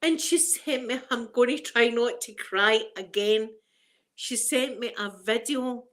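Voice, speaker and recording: A woman's voice: a little high, measured pace, a bit bright. A middle-aged Scottish woman hosting a casual live chat, emotional and fighting back tears as she greets viewers by name. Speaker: livestream host.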